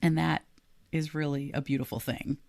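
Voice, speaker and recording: A woman's voice: low-pitched, flat delivery, normal speed, vocal fry, darkish tone, no room sound. A woman podcast co-host and leadership coach, talking casually and earnestly and laughing easily.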